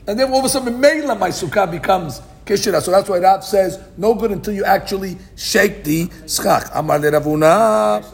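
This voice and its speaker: A man's voice: high voice, normal speed, creaky, few pauses. A man teaching a daily Talmud class, reading the Aramaic text and explaining it in English, asking questions and answering them himself. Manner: animated, asks and answers his own questions. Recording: podcast recording of a live class.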